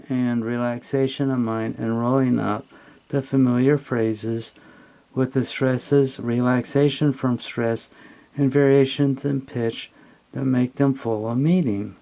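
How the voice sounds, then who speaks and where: A man's voice: medium pitch, fairly even intonation, slow pace, gravelly, pauses often, dark tone. A man tutoring English, reading a text aloud and explaining it in a patient, plainspoken way with frequent fillers.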